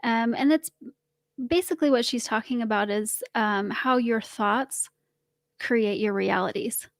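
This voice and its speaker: A woman's voice: fairly high pitch, measured pace, no echo, studio quality. A woman guest on a podcast, explaining her ideas casually and laughing at herself as she talks. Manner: laughs while explaining, self-mocking. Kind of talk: casual interview chat.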